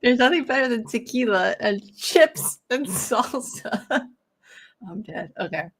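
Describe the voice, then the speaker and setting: Young woman streamer, easygoing host, slow relaxed delivery, chatty and giggly. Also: fairly high pitch. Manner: chatty, lots of "like" and laughter. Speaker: host of a fight watch-along stream. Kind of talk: casual chat with live viewers.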